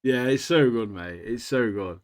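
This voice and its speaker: A man's voice: mid-range voice, moderate pace. A young man co-hosting a podcast, chatting casually with slang and enthusiasm. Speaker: podcast co-host. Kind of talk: casual chat.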